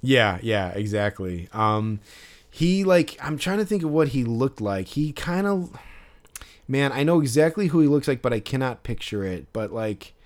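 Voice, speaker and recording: Smooth-voiced man rambling through a story. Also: mid-range voice, sing-song, normal speed. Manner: rambling storytelling full of fillers and restarts. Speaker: podcast host. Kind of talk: casual podcast chat.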